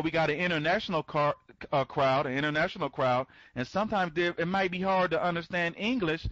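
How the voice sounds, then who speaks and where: Rambling higher-voiced man hosting a webinar. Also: a bit bright, no room sound, dull audio. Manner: repetitive and rambling, greets attendees by name; restarts and stammers often. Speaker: host of an online members' conference. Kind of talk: live webinar talk.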